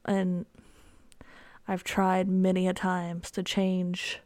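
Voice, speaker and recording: A young woman hosts her own podcast, rambling through a story on her own with lots of "um"s and "like"s in a casual way. Her voice is lowish, monotone, slow, and somewhat dark, with no echo.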